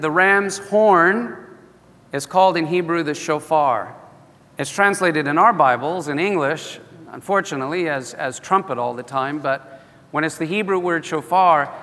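Bright-voiced preaching pastor. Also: male voice, a little high, big-room sound. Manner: earnest, emphatic, swings between loud and hushed. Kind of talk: sermon.

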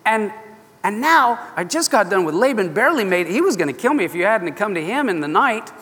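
A man's voice: high voice, very animated, fairly quick, pushed and bright, exaggerated voice. A man voicing a stressed younger herdsman who pleads and protests, in a hall with a long echo. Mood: pleading. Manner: exasperated, pleading.

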